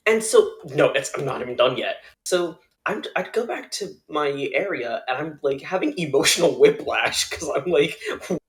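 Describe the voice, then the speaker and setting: A man's voice: on the high side, expressive, normal speed, hardly any pauses. A young man, a podcast co-host, tells a funny story in casual chat, laughing often and acting out the people he quotes.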